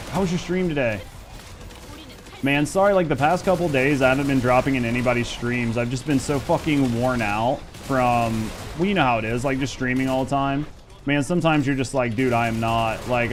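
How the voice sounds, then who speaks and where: A man with a Midwestern accent talks loosely to his chat while he plays, repeating himself and cursing in an easy, unhurried way. His voice sits in an ordinary middle pitch. Faint game gunfire runs underneath. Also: a little hiss or hum. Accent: Midwestern American. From Indiana. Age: over 30. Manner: laid-back, rambling, swears a lot. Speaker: streamer. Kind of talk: casual live-stream chat.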